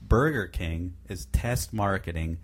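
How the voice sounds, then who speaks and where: A man's voice: low voice, measured pace. A man co-hosting a radio show, chatting and laughing in casual banter. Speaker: radio co-host.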